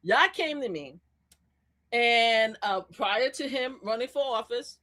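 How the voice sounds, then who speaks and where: A woman calling in as a guest on a live stream, talking loud, animated and sassy in casual political chat. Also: on the high side, takes it slowly. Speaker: guest commentator.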